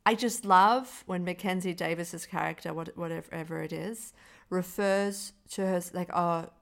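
A woman co-hosting a casual film podcast, animated and swearing freely, with frequent restarts. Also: on the low side, a little slow, creaky. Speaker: podcast co-host.

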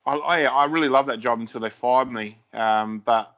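An Australian man chatting as a podcast guest, his talk loose and rambling, laced with swearing and quick laughs. His voice sits at an ordinary pitch for a man. The recording is a bit dull and lo-fi. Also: fairly bright tone. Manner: rambling storyteller, swears freely, laughs often. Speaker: guest musician. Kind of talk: casual podcast chat.

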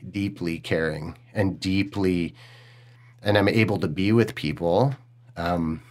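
A middle-aged man hosting a podcast, speaking candidly and emotionally and swearing freely in casual conversation. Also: deep voice. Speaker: podcast host.

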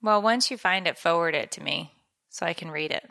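A woman with a lowish, gravelly voice and a bright edge, co-hosting a podcast. She talks in a relaxed, rambling way, chatting casually. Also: brisk, no echo. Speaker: podcast co-host. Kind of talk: casual chat.

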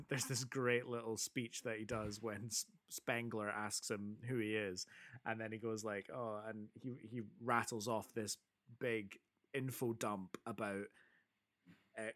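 A man's voice: fairly low pitch, little pitch movement, unhurried, fairly bright tone. A man in casual chat about a film, eagerly quoting its lines. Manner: enthusiastic, quotes film lines with relish.

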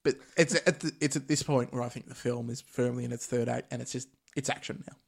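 Podcast host, man, mid-pitched, easygoing recap delivery. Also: fast talker, vocal fry, husky. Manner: recaps plot in a relaxed, chatty way with Australian slang. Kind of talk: casual movie recap chat.

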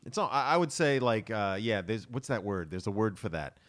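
A man's voice: on the low side, brisk. A young man with an American accent, originally from Boston, chatting animatedly on a podcast. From Boston, USA. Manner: animated, jokey storytelling. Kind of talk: casual podcast chat.

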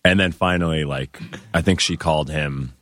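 A man in his thirties, a guest on a podcast, telling stories in a mellow, soothing voice with many fillers. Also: extremely low pitch, normal speed. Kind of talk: casual storytelling.

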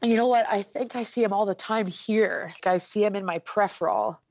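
A woman, a grieving mother, giving soft, brief, emotional replies during a reading. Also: mid-range voice, brisk, dry recording, dull audio. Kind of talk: conversational.

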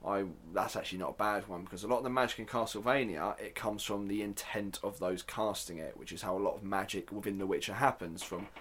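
A man's voice: lowish voice, fast talker, few pauses, fairly bright tone, slight background noise. A man hosting a casual solo podcast, chatty and self-deprecating, with joking asides. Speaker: podcast host.

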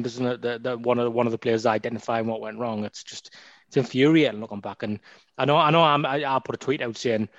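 A man's voice: mid-range voice, no echo, muffled recording. A man hosting a football podcast, chatty and teasing toward his guest. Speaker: podcast host. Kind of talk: casual podcast chat.

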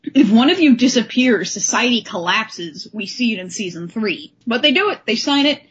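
A woman co-hosts a casual recap podcast and talks in a lively, animated way. Her voice is a little high and husky. The recording sounds dull and lo-fi. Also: moderate pace. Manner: animated, often acts out quoted characters. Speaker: podcast co-host.

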